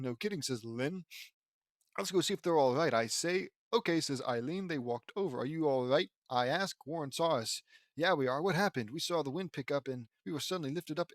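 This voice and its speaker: A man's voice: a little high, no echo. Sarcastic man reading fan fiction aloud. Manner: sarcastic, stumbles over words, breaks in with commentary. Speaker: reader of a fan-fiction audiobook. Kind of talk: mocking audiobook reading with asides.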